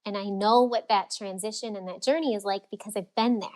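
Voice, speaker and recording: A woman coach chatting as a podcast guest, mid-pitched and expressive. She talks with energy and slips into little acted voices when she quotes people. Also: fairly quick. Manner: animated, acts out quoted voices. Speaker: freedom and fulfillment coach, guest. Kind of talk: casual podcast interview.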